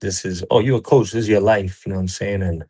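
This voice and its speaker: Laid-back, low-voiced boxing coach. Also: male voice, fairly even intonation, fast, mellow, breathy edge. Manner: laid-back, keeps saying "you know what I'm saying". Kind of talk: casual interview chat.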